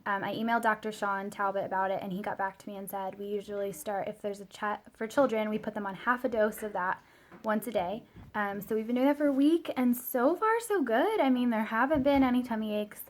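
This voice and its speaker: Chatty mom telling a story. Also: female voice, medium pitch, fairly quick. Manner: chatty, lots of fillers and "like", quotes her child in a small soft voice. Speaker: mother sharing a product story. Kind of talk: casual vlog storytelling.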